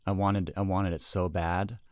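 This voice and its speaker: A man who is a comedian, talking as a podcast guest in a rambling, reflective, deadpan way. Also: sits low, a little slow, dry recording. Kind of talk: casual podcast chat. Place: podcast studio.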